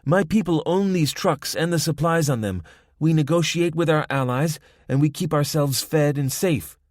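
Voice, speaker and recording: A teasing, self-assured young woman with a soft Spanish accent guards a roadblock, as a male narrator puts her on. Her voice sits well above his own deep tone and has a playful edge. It is recorded close and dry. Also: normal speed, no echo, natural voice. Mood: hard. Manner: mocking, playful, giggly. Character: young woman, armed roadblock gang member, teasing and confident. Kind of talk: audiobook character voice.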